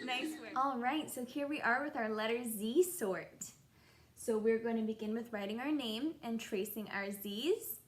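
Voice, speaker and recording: Young teacher lady sounding out letters for little kids, real slow and sing-songy. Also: on the high side, crowd noise. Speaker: kindergarten teacher. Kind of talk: children's phonics lesson.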